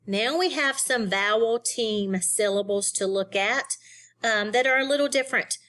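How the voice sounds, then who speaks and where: A woman's voice: on the high side, moderate pace, a bit bright. A woman teaching a phonics lesson to young students, sounding out syllables and spelling words letter by letter.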